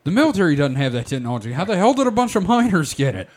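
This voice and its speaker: A man co-hosting a casual podcast, bantering quickly, swearing and throwing in jokes. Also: on the high side, sing-song. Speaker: podcast co-host. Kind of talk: casual chat.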